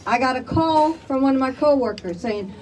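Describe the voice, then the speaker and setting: A woman's voice: high voice, lively intonation, normal speed, darkish tone, far from the mic, a little hiss or hum, rough recording. An older woman from Chicago, speaking emphatically to a crowd at an outdoor community rally. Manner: emphatic, rallies the crowd with "all right?". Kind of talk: impassioned public testimony.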